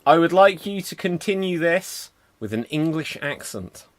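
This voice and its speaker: A man hosting an improv show, setting up scenes in a brisk, cheerful way over a video call. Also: fairly high pitch, expressive. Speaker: improv host.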